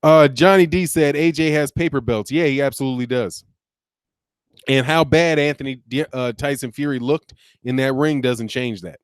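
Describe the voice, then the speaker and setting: Man, casual boxing chat, rambling, smooth clear voice, dry close sound. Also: mid-range voice, moderate pace, dry recording. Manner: conversational, loose and rambling with frequent restarts and "man". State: sleepy, yawning. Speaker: boxing channel host. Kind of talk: casual live-stream commentary reading viewer comments.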